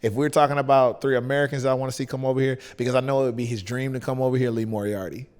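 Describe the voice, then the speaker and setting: A man's voice: medium pitch, steady tone, racing, a little mellow, clean tone, long reverb tail. A man with a Southern US accent, a wrestler guest chatting casually on a podcast in a loose, laid-back way with lots of fillers.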